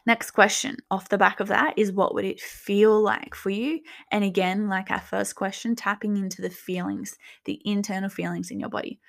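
A young woman hosting a coaching talk, gently guiding listeners through reflective questions. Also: medium pitch, flat delivery, moderate pace, vocal fry, few pauses. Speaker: business coach and podcast host.

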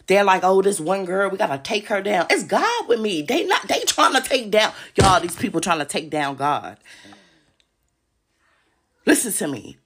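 Gravelly-voiced woman ranting, profane and agitated. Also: medium pitch, fairly bright tone. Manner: agitated, profane, repeats herself. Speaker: podcast host. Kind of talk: casual monologue to listeners. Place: home.

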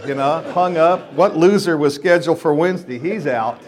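A man's voice: on the high side, animated, brisk, few pauses. A middle-aged man, a minister telling funny stories to a group of men in a folksy, joking way and acting out the scenes. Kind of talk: storytelling sermon.

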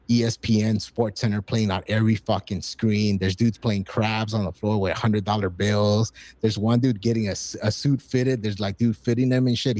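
A man in his forties telling stories in casual, profane chat, acting out quoted lines with excitement. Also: on the low side, no room sound. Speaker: podcast guest.

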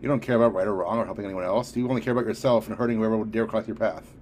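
A man's voice: fairly even intonation, very fast, darkish tone, slight background noise, lightly acted. A man voicing a determined young superheroine in an audiobook reading, talking firmly and scolding with a raised voice. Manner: firm, scolding, raised pitch.

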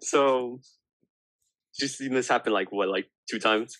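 A man's voice: mid-range voice, unhurried, a bit bright, no echo. A young man co-hosting a podcast, chatting casually in a rambling, hesitant way. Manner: rambling, hesitant, lots of fillers. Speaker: podcast co-host. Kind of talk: casual chat.

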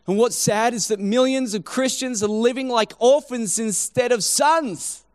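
A man preaching a sermon, telling a story in an animated, humorous, conversational way. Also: extremely high pitch, a little slow, clean tone.

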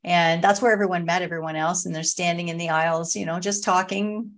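A woman's voice: fairly low pitch, brisk. A middle-aged woman, a podcast guest and author, telling funny family stories in a casual chat and laughing as she goes. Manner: animated, laughs through her stories.

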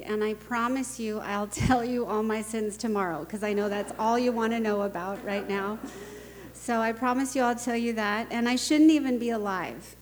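A middle-aged woman speaking at a conference, telling anecdotes and jokes in an animated way and laughing often. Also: on the high side, long reverb tail. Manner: animated storytelling, laughs often, acts out quoted voices.

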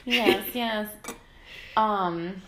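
A woman co-hosting a casual podcast, telling the story in an unhurried, step-by-step way. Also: medium pitch, background noise. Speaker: podcast co-host. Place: home room with her sisters. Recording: roomy echo.

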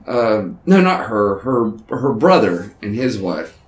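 A man riffing in loud, profane, mocking banter. His pitch swings all over the place as he talks. The room around him is echoey. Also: sing-song, takes it slowly. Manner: loud, crude, mocking, laughs often. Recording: roomy echo.

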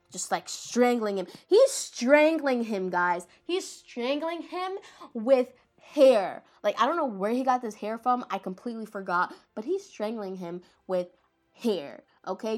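A woman talking casually and rambling, with lots of filler words and self-deprecating asides, as she recounts anime moments. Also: medium pitch. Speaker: anime commentator.

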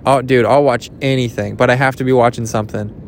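Young dude rambling at the beach, jokey, swears, voice jumps up when hyped, faint rumble of cars behind. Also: male voice, fairly even intonation, quick pace, creaky. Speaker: vlogger. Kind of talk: rambling casual vlog. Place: outdoors at a beach.

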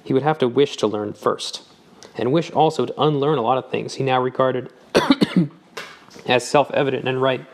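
A man narrating an audiobook with a measured, even reading. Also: medium pitch.

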